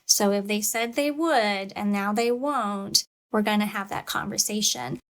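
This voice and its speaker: A woman and parent giving a calm, measured lecture on parenting, acting out what a parent might say. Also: mid-range voice. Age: adult parent. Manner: calm, measured, demonstrates parent scripts aloud.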